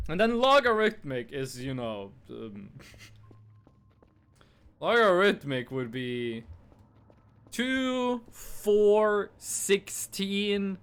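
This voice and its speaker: High, lively-voiced young male streamer. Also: clear, resonant tone. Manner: playful, teasing, answers chat while playing. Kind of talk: casual live game stream chat.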